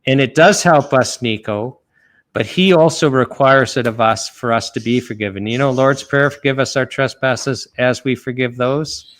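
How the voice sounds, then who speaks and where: A man from Canada speaks as a guest on a talk show, earnestly retelling a story in loose conversational speech. His voice sits in a middle pitch, and he stumbles over restarts and fillers as he goes. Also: normal speed, a bit bright. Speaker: lawyer guest.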